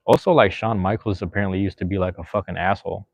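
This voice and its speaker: A man's voice: low voice, steady tone, fast, gravelly. A man, hosting a podcast in a loose, rambling chat full of slang and fillers. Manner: laid-back, slangy, rambling with frequent fillers. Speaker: podcast host. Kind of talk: casual chat reading live chat.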